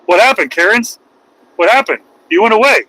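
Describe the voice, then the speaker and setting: Middle-aged man, loud profane livestream rant, bright forceful tone. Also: high-pitched, animated, moderate pace, low-quality recording. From United States. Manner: loud, profane and mocking, swings into shouting. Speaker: truck driver and livestreamer.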